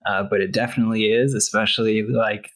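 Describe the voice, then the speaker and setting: A woman's voice: a bass voice, fairly even intonation, fast talker. A woman co-hosting a podcast, chatting in an easygoing way with lots of fillers. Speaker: podcast co-host. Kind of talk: casual chat.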